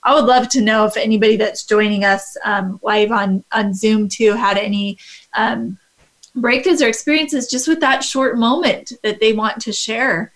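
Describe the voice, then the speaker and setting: A woman's voice: on the high side, normal speed, fairly bright tone. A woman co-hosting a casual chat on a video call, talking earnestly and openly with many hesitations.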